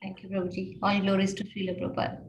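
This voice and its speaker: A woman's voice: medium pitch, completely flat delivery, rapid-fire, reverberant, far from the mic, muffled recording. A woman giving an earnest spiritual talk on a video call and explaining through examples. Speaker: spiritual speaker.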